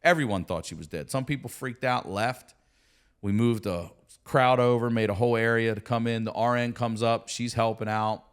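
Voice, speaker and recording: A middle-aged man telling a story casually in a studio, animated and profane. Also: medium pitch, normal speed, clear, resonant tone. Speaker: comedian and podcast guest.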